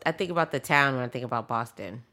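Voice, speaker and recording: Low, bright-voiced woman chatting. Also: racing. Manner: playful, laughs often, steers the topic. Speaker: podcast co-host. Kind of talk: casual chat.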